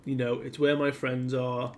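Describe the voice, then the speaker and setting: Une jeune fille géante, courageuse et dévouée, lue par un homme. Elle parle simplement et sincèrement, à voix posée, sans grand effet de jeu. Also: male voice, mid-range voice, flat delivery, moderate pace, a little mellow, slight background noise, lightly acted. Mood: earnest. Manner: earnest plain-spoken speech. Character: brave young giant girl, earnest and selfless.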